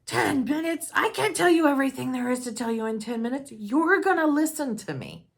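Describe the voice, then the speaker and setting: A woman voicing her big, intense elderly father, who yells and insists he be listened to. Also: very high-pitched, very animated, fairly quick, vocal fry, pitched above the performer's own voice, full character voice. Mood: angry insistent. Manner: yelling, insistent.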